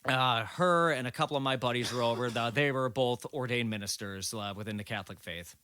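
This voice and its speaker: A man's voice: mid-range voice, brisk, pushed and bright, a little hiss or hum. A man in his late twenties telling a story in a loose, rambling way, swearing freely, as a podcast guest. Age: late 20s. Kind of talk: casual storytelling.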